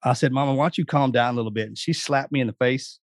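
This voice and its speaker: A man's voice: mid-range voice, fast, dry recording, clean studio sound. A man, a guest telling family stories in a folksy way with laughing asides. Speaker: guest, Navy SEAL veteran. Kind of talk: casual storytelling.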